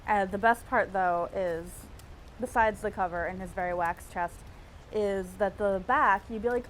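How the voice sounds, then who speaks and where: A woman's voice: mid-range voice, normal speed, slight background noise, low-quality recording. A woman hosting a livestream, chatting casually in a wry, self-mocking way. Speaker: host.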